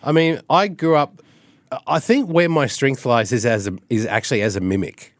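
Australian male guest, mid-pitched, dry close mic, relaxed explainer. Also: moderate pace, dry recording. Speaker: radio program director, voiceover artist. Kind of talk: casual radio interview.

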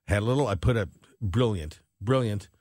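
A man's voice: on the low side, expressive, a little fast, a little mellow, no room sound, studio quality. A man co-hosting a radio show, telling a long, rambling everyday story at an easy pace with lots of fillers. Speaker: radio co-host. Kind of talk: casual chat.

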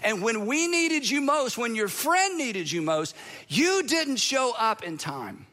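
An aggrieved woman pours out her grievances in a high, bright voice, as a male preacher acts her out. She sounds indignant and wounded, listing everything she has done. It is a quoted voice inside a sermon. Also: very animated, slow pace, exaggerated voice. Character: aggrieved woman confronting a late friend.

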